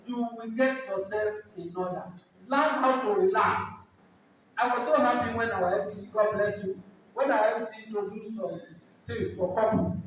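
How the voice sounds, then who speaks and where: A man's voice: extremely high pitch, fairly bright tone, slight background noise. A middle-aged Nigerian man preaching at a church program, exhorting and asking the same questions again and again. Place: large hall, church program. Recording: echoey hall, mic far off.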